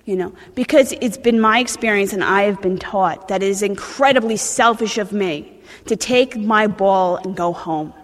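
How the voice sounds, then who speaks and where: A woman's voice: mid-range voice, moderate pace, in a large hall. A woman in her thirties with a New Jersey accent, speaking bluntly and animatedly at a recovery meeting, swearing and restarting her sentences. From New Jersey, USA. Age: 30s.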